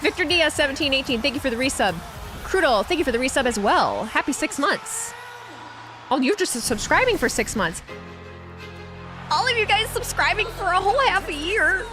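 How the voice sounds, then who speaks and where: A woman's voice: sits high, animated, normal speed, over music. A young woman chatting casually on a live stream, sarcastic and talkative, reading chat messages aloud.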